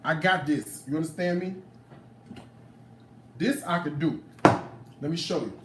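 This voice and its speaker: A man's voice: a little high, a little slow, a bit bright, far from the mic, a little hiss or hum. A man in his late thirties giving a casual cooking demo in a home kitchen, sassy and playful, talking back to his viewers. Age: late 30s. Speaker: home cook. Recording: roomy, off-mic kitchen sound.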